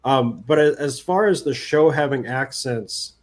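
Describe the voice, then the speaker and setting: A man's voice: medium pitch, unhurried. Wry man giving opinionated reaction commentary. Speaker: reaction video co-host.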